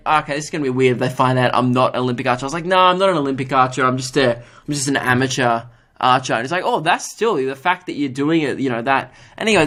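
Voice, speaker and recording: A young man hosting a solo podcast. He tells a story in a casual, self-mocking way, swears freely and jumps up in pitch to mimic the people he quotes. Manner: animated, jumps into higher voices to mimic others. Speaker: podcast host.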